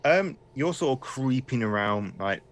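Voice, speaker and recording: A man's voice: medium pitch, expressive, measured pace, slight background noise. A man running a tabletop horror game as game master, describing scenes in a loose, rambling way and asking players for rolls.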